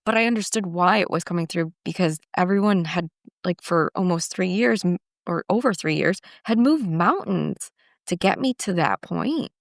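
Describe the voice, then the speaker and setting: A woman's voice: fairly low pitch, animated, normal speed, no room sound, clean studio sound. A woman in her forties, a guest candidly telling her own story, reflective, with frequent restarts and fillers. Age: 40s.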